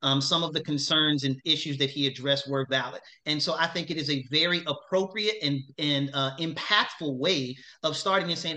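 An upbeat man leads a class discussion, cheering on each answer with repeated praise. His voice sits a touch high and rings bright and forceful. He moves the talk along from student to student. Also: normal speed, hardly any pauses. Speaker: chaplain instructor leading a class.

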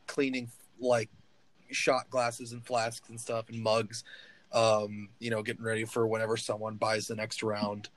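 A man's voice: mid-range voice, poor audio. A man running a tabletop game as game master, describing a tavern in a casual, hesitant way with lots of fillers.

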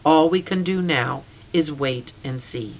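Reader doing a calm steady farm dad, gentle and comforting, kinda muffled lo-fi. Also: medium pitch, unhurried, natural voice.

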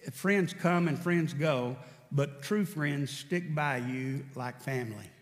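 A man's voice: fairly high pitch, in a large hall. A male pastor preaching a sermon, telling stories and acting out bits of dialogue. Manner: storytelling preacher, acts out dialogue with raised voice. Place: church sanctuary.

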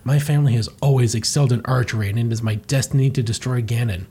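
A man's voice: medium pitch, fairly even intonation, fast, mellow, husky, lightly acted. A man reading the lines of a stern, proud male warrior archer in a lofty, condescending tone. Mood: haughty.

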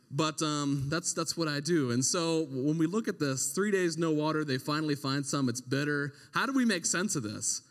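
Young man, youth pastor, chatty sermon, slightly high voice, long hall reverb. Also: fairly bright tone. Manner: conversational, slangy, with frequent "like" and "right?". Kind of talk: casual sermon. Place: church sanctuary.

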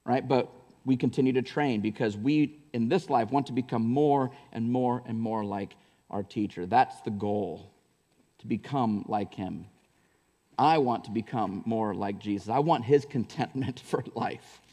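A man's voice: medium pitch, a little slow, warm tone, big-room sound. A male pastor giving a sermon in a church, talking conversationally with frequent asides and building to fervent emphasis. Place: church sanctuary.

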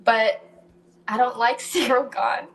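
A woman's voice: on the high side, takes it slowly, creaky, a crowd in the background. A woman co-hosting a casual chat, telling stories with lots of laughter and swearing. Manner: animated storytelling, laughing often, swearing. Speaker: co-host.

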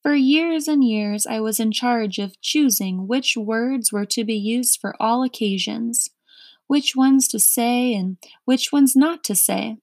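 A woman voicing a kindly old female witch who speaks softly, casually and reassuringly in a storybook reading. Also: fairly high pitch, slow, dry recording, clean studio sound. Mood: gentle. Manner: soft-spoken, casual and reassuring.

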